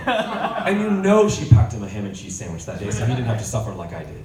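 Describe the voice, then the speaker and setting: A man performing a stand-up comedy set, telling stories with sudden shouted punchlines and plenty of swearing. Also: fairly low pitch, very animated, fast talker, roomy sound, recorded from a distance, crowd noise. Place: comedy club stage.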